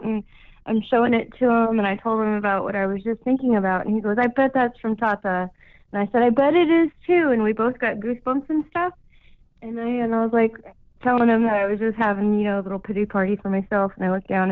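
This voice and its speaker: A woman's voice: medium pitch, fairly even intonation, quick pace, no room sound. A woman calling in to a radio show, telling a story casually, with lots of "like" and "you know". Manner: chatty, full of "like" and "you know". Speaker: caller. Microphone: phone. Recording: tinny phone line.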